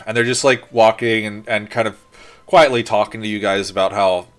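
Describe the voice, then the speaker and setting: A man narrating a tabletop game as game master, relaxed and rambling with many fillers. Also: lowish voice, brisk, faint music behind.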